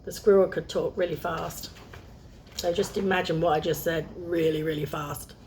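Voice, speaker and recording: A woman's voice: low-pitched, flat delivery, normal speed, a little mellow, a little hiss or hum. A young woman reading a picture book aloud, chatting to young listeners between lines. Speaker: storyteller.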